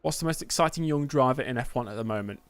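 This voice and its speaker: Holding a mock press conference with his chat while streaming a racing game, a man banters and calls everyone "mate." His medium-pitched voice is fast and carries no echo. He streams indoors in front of a green screen.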